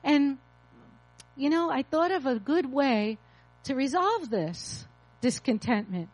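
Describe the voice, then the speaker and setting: A woman's voice: sits high, animated, takes it slowly, dry recording, low-quality recording. A woman in her fifties, a pastor, preaching an emotional, confessional testimony. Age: 50s. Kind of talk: sermon testimony.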